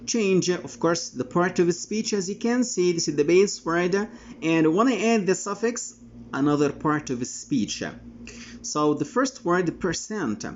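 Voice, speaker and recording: A male English teacher giving a classroom vocabulary lesson, speaking deliberately and spelling letters out one by one. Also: high voice, lively intonation, highs cut off, a little hiss or hum.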